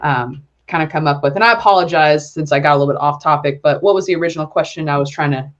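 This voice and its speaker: A woman's voice: sits low, fast, lo-fi sound. A woman guest on a podcast, talking candidly and ramblingly with lots of fillers and casual swearing. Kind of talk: casual conversational interview.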